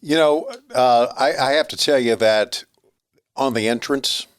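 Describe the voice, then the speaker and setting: A man hosting a podcast, chatting casually with his guest and paying him compliments with some halting restarts. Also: medium pitch, clean tone. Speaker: podcast host. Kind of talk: casual interview chat.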